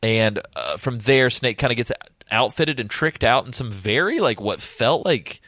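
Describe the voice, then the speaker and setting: A man co-hosting a casual podcast, recapping a film in an animated way, swearing freely and acting out quotes. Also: medium pitch, a little slow, no room sound. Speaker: podcast co-host. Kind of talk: casual movie recap chat.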